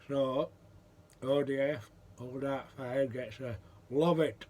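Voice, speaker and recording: A man from the United Kingdom with a hoarse, gruff voice after a cold, chatting plainly and self-deprecatingly about his pipes and tobacco as a vlog host. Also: medium pitch, steady tone, slow pace, darkish tone, a little hiss or hum. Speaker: pipe maker and tobacco reviewer. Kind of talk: casual chat to camera.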